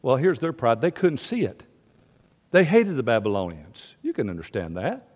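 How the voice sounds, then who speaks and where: A male pastor preaching a sermon with passion, swinging between loud declaiming and quiet, confiding asides. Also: medium pitch, huge pitch swings, moderate pace, long reverb tail.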